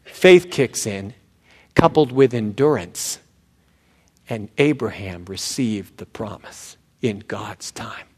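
A pastor preaching a sermon, animated and swinging from loud emphasis to hushed tones. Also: male voice, lowish voice, takes it slowly, husky.

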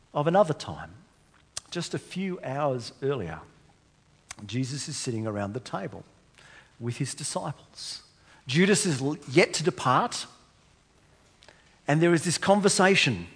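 A man's voice: medium pitch, slightly rough. A man preaching a sermon to a congregation, speaking emphatically and posing rhetorical questions. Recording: long hall reverb.

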